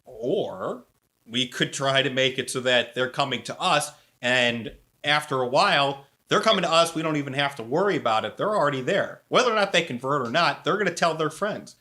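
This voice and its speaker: A man's voice: medium pitch, lively intonation, normal speed, sharp tone. A man co-hosting a podcast, making his points emphatically and checking in with "right?". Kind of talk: casual conversation.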